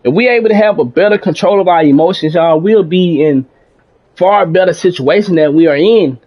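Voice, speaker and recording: High-voiced man musing calmly on stream. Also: fairly quick, dull audio. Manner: calm, rambling and self-reflective with frequent restarts; casual speech with mild swearing. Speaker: gaming streamer. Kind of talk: reflective casual monologue.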